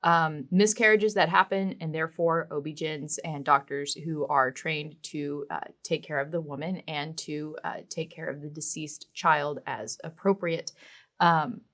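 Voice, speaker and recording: A woman's voice: low voice, steady tone, measured pace, fairly bright tone. A woman co-hosting a casual podcast, explaining her points earnestly with frequent fillers. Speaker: podcast co-host.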